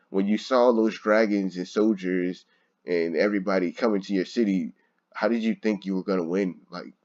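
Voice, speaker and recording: A man's voice: lowish voice, dull audio. A man giving a casual, frustrated review of a TV episode, swearing and laughing often. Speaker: show reviewer.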